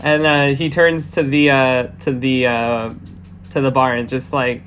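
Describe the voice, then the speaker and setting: A man narrating as game master of a tabletop game, halting with many fillers and restarts. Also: medium pitch, level tone, a bit bright, slight background noise.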